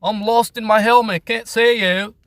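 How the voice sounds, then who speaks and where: A dithering medieval knight chirps in a high, mock-posh English voice, as a man puts him on. The sound is dry and close, with no room around it. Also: fairly even intonation, moderate pace, a bit bright, dry recording. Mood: silly. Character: bumbling medieval English knight, male, lost in his helmet.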